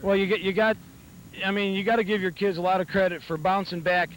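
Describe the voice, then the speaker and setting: Man, high voice, sideline interviewer, rambling and emotional, outdoor field, faint noise. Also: level tone, fast, fairly bright tone, rough recording. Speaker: sideline reporter interviewing coaches.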